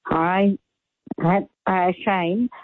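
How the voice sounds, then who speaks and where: A woman in her seventies calling in to a radio show, halting and emphatic. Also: lowish voice, fairly even intonation, dry recording. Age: 70s. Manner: halting, emphatic, laughs at her own complaints. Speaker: caller. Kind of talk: phone-in chat. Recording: phone line.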